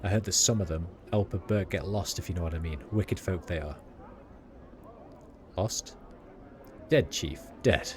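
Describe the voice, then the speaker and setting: A man's voice: fairly low pitch, a little slow, background noise, close to an everyday voice. A man voicing a chatty, superstitious male rat catcher, reading slangy street talk aloud with small stumbles. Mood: gossipy.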